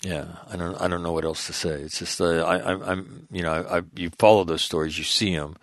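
A man hosting a radio talk show reads out news items, then adds blunt, profane commentary that rambles, restarts, and repeats phrases. His voice is low-pitched and steady, his pace fairly quick, and the recording is dry with clean studio sound.

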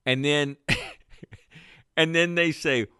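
A man hosting a casual podcast chat, telling animated stories with plenty of swearing. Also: fairly high pitch, clean tone, no echo, clean studio sound. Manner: animated storytelling, swearing, quick laughs. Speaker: podcast host.

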